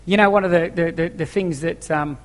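In a church hall thick with long, echoing reverb, a man with a voice on the high side preaches fairly quickly and with fairly even intonation. The pastor is emphatic, repeating key phrases and asking his congregation rhetorical questions.

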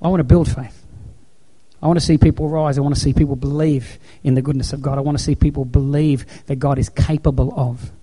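A man's voice: mid-range voice, fairly even intonation, brisk, mellow, slightly rough. A man preaching a sermon as pastor, telling stories in an emphatic, repetitive way.

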